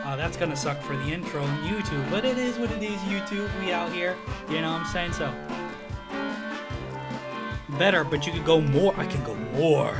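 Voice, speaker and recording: A man's voice: fairly high pitch, moderate pace, over loud music. A young man casually commentating a game on his stream, joking and slangy. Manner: joking, slangy, laid-back.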